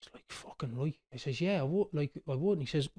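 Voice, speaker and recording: A man in his thirties with a Dublin Irish accent, telling a football story in casual chat on a podcast, animated and swearing freely. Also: on the high side, fast talker. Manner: animated, swearing, quoting others. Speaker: podcast host.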